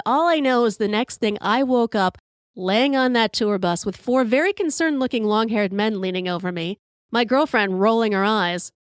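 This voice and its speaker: A woman in her fifties tells a wild story for her podcast, animated and freely profane, jumping into the voices of the people she quotes. Her voice sits a bit high. The sound is dry and close, with no room around it. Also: smooth, dry recording. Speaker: podcast host. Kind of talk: storytelling monologue.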